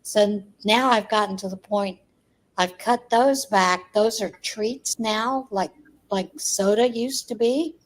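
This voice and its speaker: A woman's voice: medium pitch, slow pace. A woman co-hosting a casual live chat who explains practical cooking advice. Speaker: co-host.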